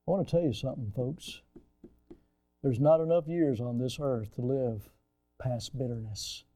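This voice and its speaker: A man preaching a sermon, telling a story earnestly and swinging between loud emphasis and hushed quiet. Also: mid-range voice, moderate pace, no echo.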